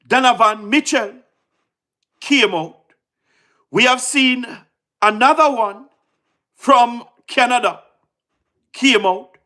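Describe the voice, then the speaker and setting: Casual livestream commentary comes from a Jamaican man whose voice is very high. Excitable and rushed, he doubles up on words, throws rhetorical questions to his audience, and breaks into laughter between points.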